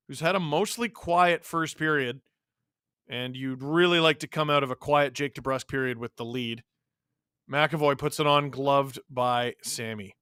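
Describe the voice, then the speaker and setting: A male host watching a hockey game live, calling the plays, reacting loudly and reading out chat messages. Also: mid-range voice, normal speed, clean tone, no echo, clean studio sound. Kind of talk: live watch-along commentary and chat replies.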